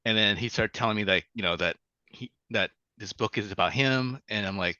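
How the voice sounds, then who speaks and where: A man's voice: lowish voice, pushed and bright, no room sound. A man, a children's book author, telling stories in a casual interview, stumbling over restarts and fillers. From Vietnam. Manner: halting, many restarts and fillers, laughs easily. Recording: dull lo-fi sound.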